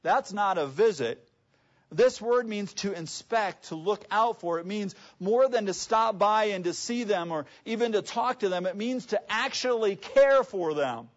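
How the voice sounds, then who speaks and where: A man preaching a sermon in a conversational way, often asking the audience rhetorical questions, in a dull lo-fi recording. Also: sits high. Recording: dull lo-fi sound.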